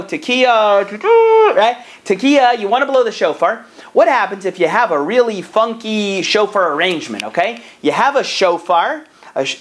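A young male rabbi giving a short video Torah talk. His pitch swings widely as he explains, and he keeps asking rhetorical questions. The tone is chatty and animated throughout. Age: young adult.

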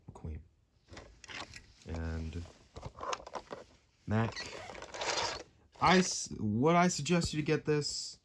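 A young man casually reviewing his toy truck. He rambles and jokes, jumping between loud bursts and mumbled asides. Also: on the low side, slight background noise. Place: home room.

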